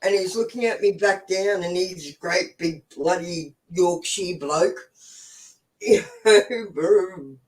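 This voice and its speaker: An Australian woman in her forties hosts her own live stream and tells stories at an unhurried pace. She is chatty, swears freely and laughs often. Her voice sounds a bit distant from the mic. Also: lowish voice. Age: 40s. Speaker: host. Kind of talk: casual live-stream storytelling.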